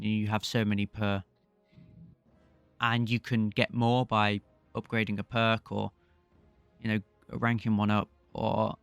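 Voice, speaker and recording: A man co-hosts a gaming podcast, thinking aloud and rambling in casual chat. His voice is somewhat low and dry, with faint music behind him. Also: fairly bright tone, clean tone, no echo. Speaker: podcast co-host. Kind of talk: casual game discussion.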